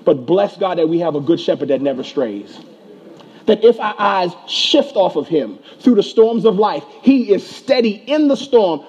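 A man with a high voice delivers a sermon, pressing his points with rhetorical questions and repetition. His tone is dark and slightly husky. The recording sounds dull and muffled. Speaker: pastor.

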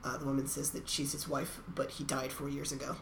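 A woman's voice: extremely low pitch, flat delivery, brisk, gravelly. A woman co-hosting a casual chat, retelling TV plot details in a dry, matter-of-fact way. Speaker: podcast co-host. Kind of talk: casual chat recapping a TV episode. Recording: echoey room, faint noise.

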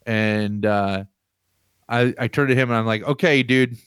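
A man in casual chat, telling an animated, rambling story from his home on a video call. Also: mid-range voice, unhurried, smooth, dry recording, clean studio sound. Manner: animated, rambling, laughs while telling stories. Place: home room with pinball machines.

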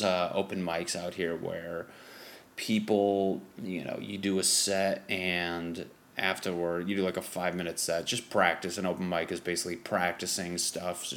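A man's voice: sits low, fairly bright tone. A young man, a stand-up comic, talking loosely on a podcast, full of fillers and swearing. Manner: loose, rambling, profane, lots of fillers. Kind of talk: casual podcast chat.

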